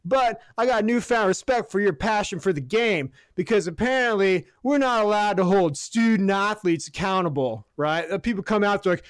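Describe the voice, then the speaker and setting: A man on a podcast, his voice pitched high for a man, tearing into a football loss. He talks in a heated, sarcastic way, swears freely and pushes toward shouts. The sound is close and dry, with no room around it. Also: lively intonation, brisk, few pauses, smooth, no room sound. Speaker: podcast co-host. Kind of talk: profane sports rant.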